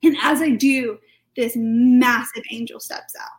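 A British woman, a podcast guest, telling a personal testimony in a chatty, lively way full of fillers. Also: a little high, a little slow, poor audio. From United Kingdom.

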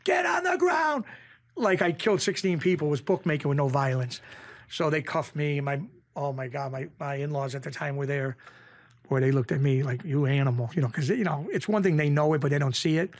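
A middle-aged man, a podcast guest telling rough street stories in a casual, animated way that keeps circling back on itself. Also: fairly high pitch, brisk. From Springfield, Massachusetts. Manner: animated storyteller, rough street talk, repeats himself. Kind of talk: casual storytelling.

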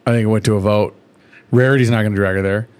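A man's voice: lowish voice, fairly even intonation, fast, darkish tone, clean tone. A man co-hosting a podcast in casual chat, swearing freely and acting out characters in raised voices. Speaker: podcast co-host.

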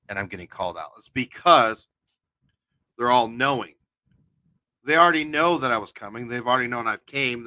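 A man co-hosting a podcast, a paranormal investigator chatting casually, animated and telling anecdotes with a swear now and then. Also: fairly low pitch, no room sound.

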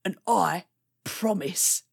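A woman's voice: on the low side, takes it slowly, creaky, husky, heavily acted. A woman voicing a streetwise male raven, a big brother with a Cockney accent, rambling and dropping "innit". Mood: confiding.

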